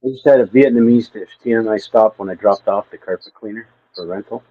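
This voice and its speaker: A man's voice: on the low side, quick pace. A man in casual chat, telling easygoing stories. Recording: dull lo-fi call audio.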